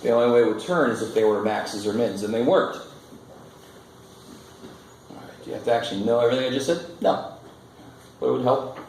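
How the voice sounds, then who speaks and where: A male math teacher talking through graphs in a very echoey classroom, his voice a bit gravelly. He is loose and joking, thinking aloud while he works at the board. A faint hiss sits under the recording. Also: medium pitch, brisk, long pauses, a little mellow. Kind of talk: classroom lecture.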